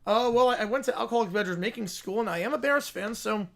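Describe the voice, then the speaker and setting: A meek bear helper mutters his lines quietly and haltingly, as if unsure of himself, as a man puts him on. The voice sits lower and softer than the surrounding shouting. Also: creaky. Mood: sheepish. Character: mild, reluctant male bear brewer.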